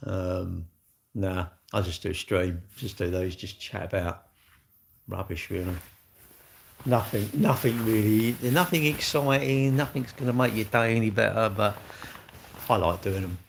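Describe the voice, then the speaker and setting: A man's voice: on the low side, measured pace, creaky. A man, rambling casually on a live stream as he answers viewer comments and keeps tacking tag questions onto his sentences. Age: 60s. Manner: rambling, chatty, ends lines with tag questions.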